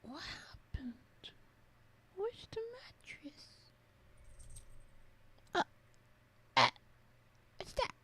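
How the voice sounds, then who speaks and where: A woman talking to her cat in a put-on cooing baby voice, soft and fond. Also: very high voice, very animated, slow pace, pauses often, a little hiss or hum, voice pushed up, heavily acted. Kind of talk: soft talk to a pet.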